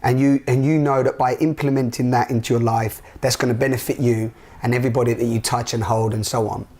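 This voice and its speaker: A man's voice: mid-range voice, fairly even intonation, quick pace, a little mellow. Earnest man hosting a spiritual chat. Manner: earnest, rambling, with frequent restarts. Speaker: talk show host. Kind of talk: casual spiritual conversation.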